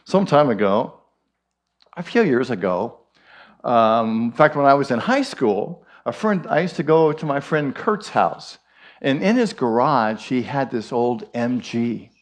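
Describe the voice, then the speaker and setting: A man's voice: medium pitch, sing-song, measured pace. A man with an Irish accent giving a conversational storytelling sermon, folksy with frequent asides. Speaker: minister giving a talk.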